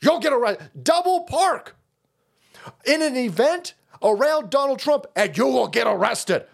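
A man's voice: very high voice, animated, measured pace, gravelly. A man hosting a livestream, delivering a heated, profane and mocking political rant. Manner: foul-mouthed, mocking, heated ranting. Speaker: streamer host.

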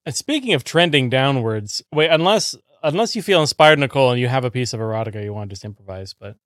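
Man, podcast co-host, casual storytelling, mid pitch, dry sound. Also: animated, fast talker, fairly bright tone, no echo. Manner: storytelling, quoting people in put-on voices. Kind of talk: casual chat.

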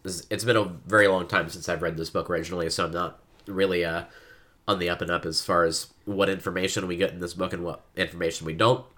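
A man with a very low, sharply forceful voice co-hosts a casual podcast about a book. He keeps the conversation going with chatty remarks and steady backchannels. His delivery is relaxed and conversational. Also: quick pace. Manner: chatty, frequent listener backchannels.

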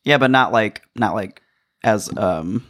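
A man's voice: fairly low pitch, expressive, takes it slowly, a bit bright. A man co-hosting a podcast in casual chat, bantering playfully and crudely with big laughs. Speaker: podcast co-host.

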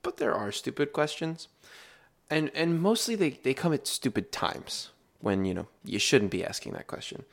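A man co-hosting a casual podcast, a teacher who tells animated stories about his class and acts out the exchanges. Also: fairly high pitch, moderate pace, creaky. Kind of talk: casual chat.

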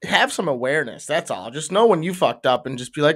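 A man's voice: on the high side, lively intonation, fast talker, hardly any pauses, a bit bright. Swearing young man, casual podcast. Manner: swears a lot, rambling storyteller. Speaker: podcast co-host. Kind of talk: casual chat.

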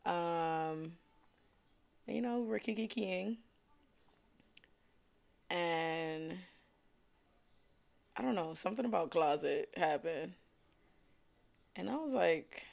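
A young man with a New York accent rambles through a casual solo podcast, loose and slangy. He talks in an unhurried, drawn-out way. His voice carries a rough, gravelly fry. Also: fairly high pitch, expressive. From Brooklyn, New York. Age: young adult. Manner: laid-back, slangy and rambling. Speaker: podcast host.

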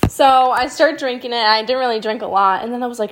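A young adult woman hosting a podcast, telling personal stories in a casual, animated way, full of "like" and the odd swear word. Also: on the high side, quick pace, few pauses. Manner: chatty and animated, with frequent "like", swearing and laughter. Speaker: podcast host. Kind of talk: casual storytelling monologue.

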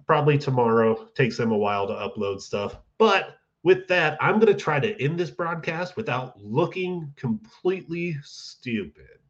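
A man's voice: fairly high pitch, lively intonation, moderate pace, muffled recording. A man hosting a podcast in a laid-back, joking way. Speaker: podcast host. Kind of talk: casual podcast chat.

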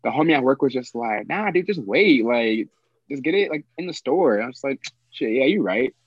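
A man's voice: mid-range voice, animated, a little fast, no echo, muffled recording. A young man guesting on a casual chat with a friend, laid-back and slangy, teasing and full of fillers. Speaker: podcast guest.

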